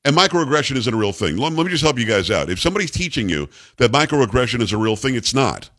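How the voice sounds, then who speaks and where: A man's voice: medium pitch, sing-song, fast, a bit bright. A man hosting a talk radio show, reading news items aloud and mocking them in a combative, sarcastic way. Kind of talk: opinionated talk radio monologue.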